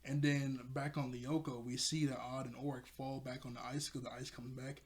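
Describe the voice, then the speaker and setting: A man talks through a cartoon episode in a loose, chatty recap. He laughs often, trips over his own phrasing and keeps restarting his sentences. His voice sits at an ordinary middle pitch. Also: level tone, moderate pace. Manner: rambling, laughs often, self-correcting. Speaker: show reviewer.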